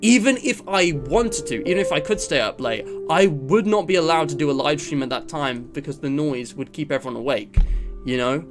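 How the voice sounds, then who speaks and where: A man's voice: fairly high pitch, brisk. Rambling man from England streaming. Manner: rambling, filler-heavy, self-deprecating. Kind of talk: casual live-stream chat. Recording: music playing under the voice.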